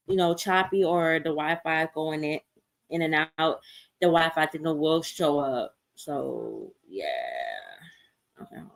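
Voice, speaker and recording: A woman's voice: on the low side, poor audio. Blunt, profane woman ranting on a livestream. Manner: blunt, profane, fast rants with repeated restarts; reads viewer comments aloud and answers them. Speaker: livestream host. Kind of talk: casual unscripted livestream talk. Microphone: computer mic on a livestream.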